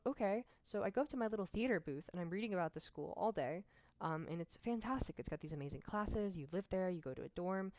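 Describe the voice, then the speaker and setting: A woman's voice: lowish voice, a little mellow, no echo. A young woman from Mississippi telling her personal story to camera in a candid, frank, conversational way, with self-deprecating asides. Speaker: vlogger.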